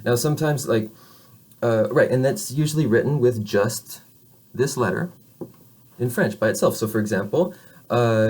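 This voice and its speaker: Man, French teacher, casual beginner lesson, somewhat low voice, rambling and self-correcting. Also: a little mellow. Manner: loose and self-correcting, modeling French sounds slowly. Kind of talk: casual classroom explanation.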